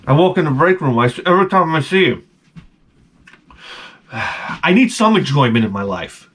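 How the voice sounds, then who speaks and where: A middle-aged man vlogs in a rambling, crude and profane way, jumping between anecdotes and cutting himself off mid-sentence. His voice sits a little higher than usual for a man, and he sounds loose and unfiltered. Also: big pitch swings, normal speed, a bit bright, slightly rough. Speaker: vlogger. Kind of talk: casual rambling storytelling.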